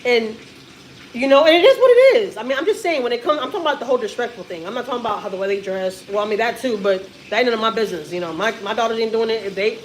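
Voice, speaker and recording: A woman talks to her livestream viewers in a casual, emphatic way, often repeating herself. Her voice sits a little high. Faint sizzling from food frying can be heard behind her. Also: expressive, racing, a little hiss or hum, poor audio. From Texas, US. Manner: emphatic, repetitive, restarts often. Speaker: family vlogger.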